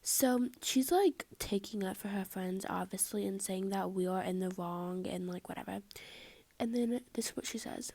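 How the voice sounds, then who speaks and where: A woman's voice: medium pitch, normal speed, vocal fry, dark tone, dry recording. A teenage girl telling a school drama story in a casual storytime style, chatty and exasperated, filling her talk with "like" and often dropping to a whisper.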